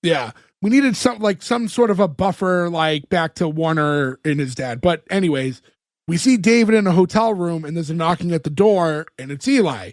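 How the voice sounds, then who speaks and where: High-voiced man recapping a sitcom. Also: expressive, no room sound, clean studio sound. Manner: recounts scenes with quick acted-out quotes. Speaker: podcast co-host. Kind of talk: casual chat recapping a sitcom episode.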